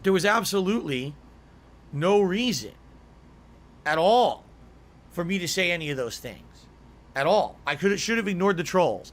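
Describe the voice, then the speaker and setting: Man, slightly high voice, ranting and defensive, hammers points by repeating himself. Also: expressive, normal speed, long pauses. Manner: ranting, insistent, repeats words for emphasis. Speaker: online video creator. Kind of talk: heated monologue.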